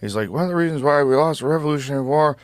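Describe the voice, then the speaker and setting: An actor voicing a chatty, incredulous podcast host in an animated parody. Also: male voice, a little high, racing, dry recording, clean studio sound, close to an everyday voice. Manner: excitable, animated storytelling. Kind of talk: comedic parody banter.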